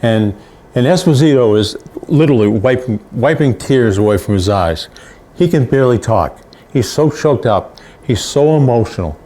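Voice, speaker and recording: A man's voice: mid-range voice, expressive, normal speed, mellow. An older male sports reporter recounting stories in an anecdotal way, repeating phrases for emphasis. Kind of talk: storytelling.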